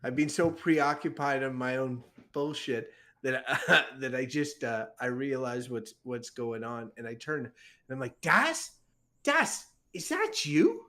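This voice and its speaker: A tabletop game player describing his character's actions, halting and laughing often. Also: mid-range voice, steady tone, pushed and bright.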